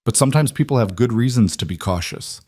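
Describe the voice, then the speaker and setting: A man voicing a wary young woman drifter in a storybook reading, speaking carefully and slowly. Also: mid-range voice, animated, a little mellow, breathy edge, no room sound, studio quality. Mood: guarded. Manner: careful, measured.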